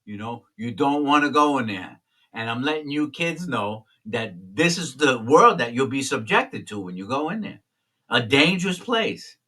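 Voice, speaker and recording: Blunt streetwise man, bright voice. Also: mid-range voice, lively intonation, normal speed, far from the mic. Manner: blunt, streetwise, swears freely. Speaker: former prisoner telling stories. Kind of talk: candid storytelling.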